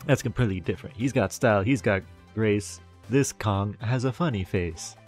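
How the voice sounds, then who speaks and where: A man's voice: on the low side, moderate pace, darkish tone, faint music behind, close to an everyday voice. A man voicing a prim, scolding older mother in a video game, in a voice close to his own.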